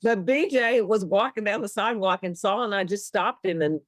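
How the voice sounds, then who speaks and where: A woman's voice: medium pitch, normal speed, no room sound. A woman from Austin with a Texan accent, a musician guest telling stories in a casual interview and acting out quotes. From Austin, Texas. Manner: animated storyteller who acts out quotes and laughs often.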